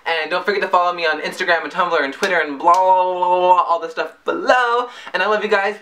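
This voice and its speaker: A man reviewing song lyrics in a casual, jokey way, breaking into high yelps. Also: quick pace, bright, forceful tone, a little hiss or hum. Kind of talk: casual comedic commentary.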